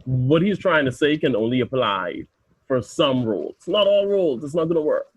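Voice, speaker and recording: Man, panelist, husky mid voice, blunt and insistent, stumbles over his words. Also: mid-range voice, animated, normal speed, no room sound. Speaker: podcast panelist. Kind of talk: casual group discussion.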